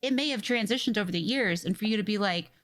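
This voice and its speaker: A woman's voice: medium pitch, fast. A woman co-hosting a casual film review podcast, chatty and explaining things with some hedging. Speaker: podcast co-host.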